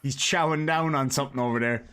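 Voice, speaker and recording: A man's voice: medium pitch, fast, very noisy. A man with an Irish accent hosting a casual live stream, chatting and joking with his guest and viewers.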